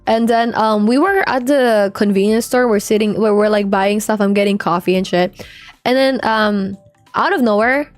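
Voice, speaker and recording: Faint music plays behind a young Filipino woman as she casually talks and swears through a gaming livestream, using "like" constantly. Her medium-pitched voice moves at a moderate pace with no room sound.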